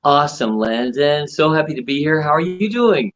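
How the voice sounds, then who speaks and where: A man, a ventriloquist, telling his story in a relaxed interview with many fillers. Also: on the high side, moderate pace, slight background noise. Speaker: ventriloquist guest. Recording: dull lo-fi audio.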